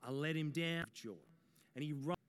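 A man's voice: fairly high pitch, moderate pace, clear, resonant tone. A man preaching a sermon, telling stories and speaking straight to his listeners. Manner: storytelling, animated, addresses the audience directly. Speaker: pastor. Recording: long reverb in a hall.

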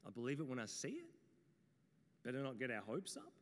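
A man voicing a wary shepherd who mutters his doubts quickly. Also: medium pitch, huge pitch swings. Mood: skeptical. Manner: skeptical, muttering. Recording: long reverb in a hall.

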